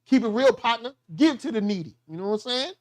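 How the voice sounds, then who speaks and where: Talking fast in a very high-pitched voice, a male show host riffs on a TV show in slangy, animated style. He acts out quotes in voices during this casual review chat.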